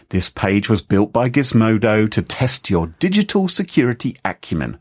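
Give me a man hosting a podcast, chatty and animated. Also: lowish voice. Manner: lively storytelling, chatty asides. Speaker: podcast host. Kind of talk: casual chat.

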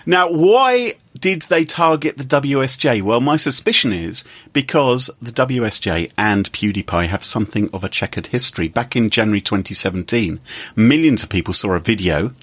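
A man talks through the week's news in a casual podcast chat. His voice is a little husky and swings widely in pitch. His delivery is lively and sarcastic. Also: normal speed. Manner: sarcastic, animated storytelling. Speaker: podcast co-host.

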